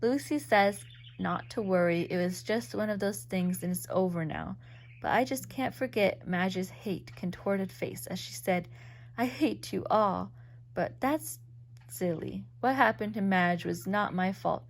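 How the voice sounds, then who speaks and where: A woman reading an old magazine story aloud, in a steady, even storytelling manner. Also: medium pitch, measured pace. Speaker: reader.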